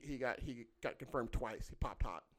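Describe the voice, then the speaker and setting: A man's voice: mid-range voice, fairly quick, a loud crowd. A man in his fifties telling stories in casual chat, acting out quotes in a raised voice and swearing freely. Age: 50s.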